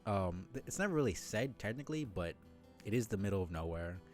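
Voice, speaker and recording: A man's voice: lowish voice, expressive, fairly quick, darkish tone, soft background music. A man streaming a game live, chatting in a rambling, self-deprecating way with lots of fillers.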